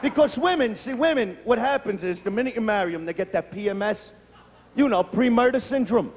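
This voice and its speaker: A male stand-up comic with a very high voice, firing off crude stories in a brash, profane style and often bursting into shouts. His voice rings out with a long reverb over a faint background noise. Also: lively intonation, brisk. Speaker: stand-up comedian. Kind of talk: stand-up comedy set.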